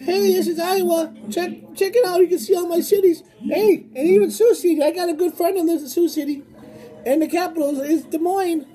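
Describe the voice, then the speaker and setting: A woman's voice: very high voice, lively intonation, normal speed, dark tone. A woman giving goofy, exclamatory gameplay commentary and putting on voices for places, with faint music behind.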